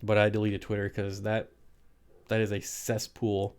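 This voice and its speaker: A man's voice: on the low side, monotone, moderate pace, smooth. A man hosting an aquarium live stream, chatting casually and laughing as he answers viewer comments.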